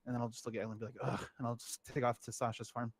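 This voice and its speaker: A man's voice: medium pitch, monotone, very fast, dry recording. A man playing a tabletop game in an easygoing, stumbling way, speaking his character's lines in his own voice. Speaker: player.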